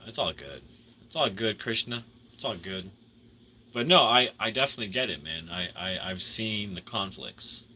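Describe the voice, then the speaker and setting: Animated, bright-voiced man rambling casually. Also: slight background noise. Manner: rambling, animated, swings between loud excitement and low mumbles. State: tired. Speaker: livestream host chatting with viewers. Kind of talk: casual livestream chat.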